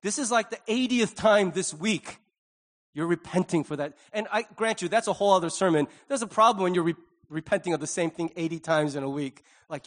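A man's voice: sits high, a bit bright. A middle-aged male pastor preaching a conversational sermon, acting out little quoted voices along the way.

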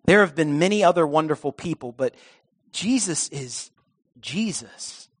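Man doing elderly man, reflective, tender, soft and slow. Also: on the high side, lively intonation, slightly rough.

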